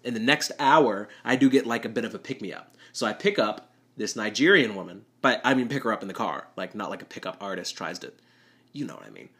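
A man's voice: lowish voice, animated, brisk, fairly bright tone. A young man, a rideshare driver, telling a rambling, self-deprecating story with nervous laughs. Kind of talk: storytelling monologue.

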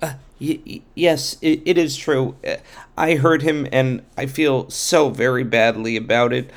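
A man's voice: medium pitch, fairly even intonation, unhurried, pitched above the performer's own voice, lightly acted. A man voicing a timid, apologetic male craftsman who stammers nervously.

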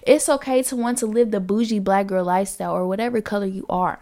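A woman's voice: mid-range voice, brisk, few pauses, mellow. A woman hosting a casual solo podcast, chatty, repeating affirmations with emphasis. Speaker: podcast host.

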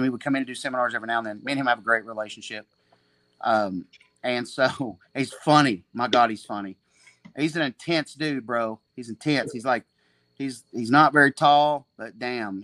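In a dry, close recording with no echo, a man in his forties, a jiu-jitsu black belt and gym owner appearing as a podcast guest, tells loose, profane stories. His middle-pitched, fairly bright voice stays casual and chatty as he rambles, restarts often, and laughs frequently.

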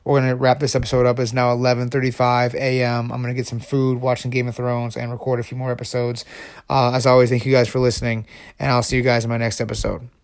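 A man hosting his own podcast, chatting casually and excitably, rambling with frequent restarts. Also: medium pitch, fast talker. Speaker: podcast host. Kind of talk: casual solo podcast chat.

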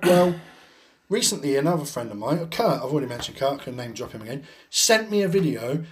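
A man's voice: mid-range voice, expressive, a little fast, a little hiss or hum. A man with a blunt, sweary, rambling way of talking, telling a story in a casual podcast chat. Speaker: podcast co-host.

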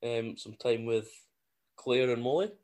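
A man's voice: mid-range voice, unhurried, a little mellow. A man co-hosting a podcast in casual chat, bantering and laughing easily. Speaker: podcast co-host.

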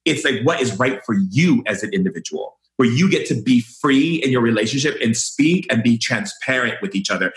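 Guesting on a podcast, a man with a medium-pitched voice speaks animatedly, a little fast and with few pauses, in a warm conversational interview. He's effusive, often repeating phrases and filling gaps with "you know," and the recording has a roomy echo.

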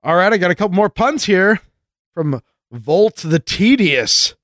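A man's voice: high voice, measured pace, no echo, clean studio sound. A man co-hosting a podcast, reading listener mail aloud in casual banter and laughing often. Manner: jokey, laughs often, lively delivery. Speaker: podcast co-host.

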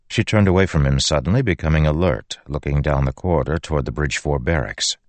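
A man reading an audiobook in a measured, even scripted narration. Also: a bass voice, dry recording.

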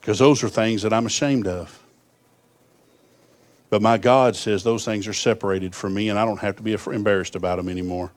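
Folksy preacher, dry sound. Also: male voice, on the low side, fairly even intonation, a little fast, dry recording. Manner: folksy storytelling, swelling to fervent appeals. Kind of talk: sermon.

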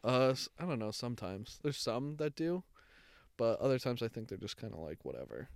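A man's voice: mid-range voice, big pitch swings, fairly quick, gravelly, dry recording, studio quality. A young man co-hosting a podcast, telling a long story in casual chat, full of fillers and swearing. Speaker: podcast co-host.

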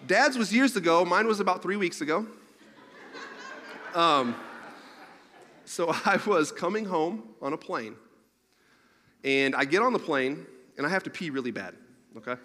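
A man's voice: a little high, unhurried, long pauses, a little hiss or hum. A man telling a rambling, funny personal story in a sermon, laughing along as he goes. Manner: animated, rambling, laughs through his own story. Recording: long reverb of a large hall.

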